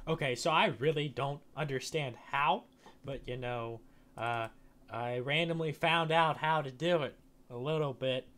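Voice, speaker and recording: A young man giving horror game commentary, jumpy and swearing a lot, shouting when startled. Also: mid-range voice, noisy background. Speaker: gaming channel host.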